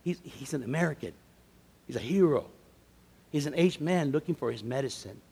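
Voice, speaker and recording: A man giving a storytelling sermon at a men's conference, moving from easy chat to loud, emphatic preaching. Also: medium pitch, animated, normal speed, creaky, husky. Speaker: conference speaker. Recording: long reverb of a large hall.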